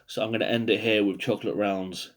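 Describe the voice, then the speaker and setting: A man's voice: fairly low pitch, steady tone, quick pace. A man talking casually to camera, rambling and swearing with self-deprecating jokes, a little tired. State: yawning, tired. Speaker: podcast host ranking biscuits. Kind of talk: casual solo video monologue.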